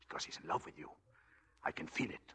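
A man's voice: fast talker, sharp tone, natural voice. An actor playing a scheming, desperate husband in a 1940s radio drama, pleading with his wife. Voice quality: gravelly, pleading.

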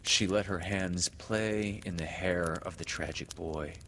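A man reading a storybook aloud in a slow, expressive way. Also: low voice. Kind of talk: storybook narration read aloud. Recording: long hall reverb, faint noise.

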